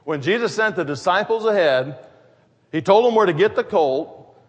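A man preaches in a slightly high-pitched voice, and a long reverb trails each phrase through the church. He keeps the sermon conversational and drifts into joking asides before finding his thread again. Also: lively intonation, moderate pace, lo-fi sound. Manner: conversational, wandering into humorous asides. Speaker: pastor.

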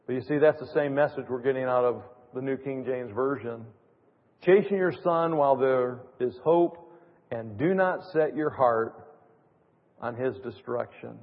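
A man's voice: mid-range voice, a little slow. Man preaching a sermon, emphatic, long hall echo on thin lo-fi audio. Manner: emphatic, sarcastic mock quotes. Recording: tinny phone-like audio in a reverberant hall.

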